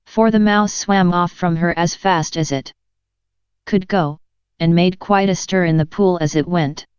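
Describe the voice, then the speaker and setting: Slow, clear-voiced woman narrating a storybook. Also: on the low side, steady tone, no room sound. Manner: gentle, measured storytelling. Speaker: audiobook narrator. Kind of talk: children's audiobook narration. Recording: dull lo-fi dry recording.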